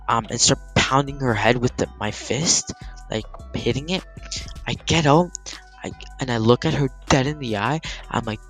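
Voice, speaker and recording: Forceful young man telling a heated story. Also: mid-range voice. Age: teens. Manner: heated, animated retelling with frequent swearing and "like". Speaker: gaming channel storyteller. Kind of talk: casual storytime vlog.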